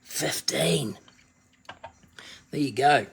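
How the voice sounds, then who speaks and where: Husky woman selling on a livestream. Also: sits low, animated, measured pace. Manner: chatty, rambling, addresses viewers by name. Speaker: crystal seller on a live stream. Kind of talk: casual live-stream selling.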